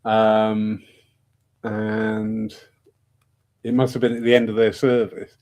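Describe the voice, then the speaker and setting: A man's voice: on the low side, monotone, takes it slowly, darkish tone. A man hosting a discussion evening, chatting in a rambling, self-mocking way and laughing often. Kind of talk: casual rambling talk.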